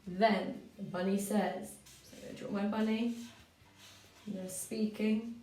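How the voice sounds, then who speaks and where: A woman teaching children how to build a story, speaking clearly and patiently at a mid-range pitch. Her voice carries a roomy echo. She sounds a little away from the microphone. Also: unhurried. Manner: clear and patient, with lively expressive reading. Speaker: primary school teacher. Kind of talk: story-writing lesson for children. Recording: roomy, from a distance.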